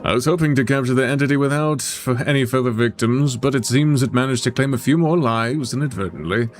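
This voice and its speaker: A man voicing an ambitious, power-hungry male agent boss in a tabletop game, smooth, persuasive and commanding. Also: mid-range voice, brisk, close to an everyday voice.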